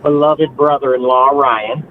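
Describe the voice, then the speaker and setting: A man calling in to a talk show, telling a story with animated asides and mimicking relatives. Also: medium pitch, measured pace. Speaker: caller. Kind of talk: casual phone-in chat. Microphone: phone. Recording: tinny phone line with faint hiss.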